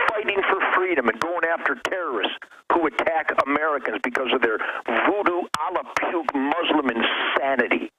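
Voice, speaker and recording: A man calling into a radio show, giving a fervent, preachy speech that swings between emotional and loud. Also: a little high, sing-song, normal speed, muffled recording, background noise. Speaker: guest caller. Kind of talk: impassioned talk radio rant.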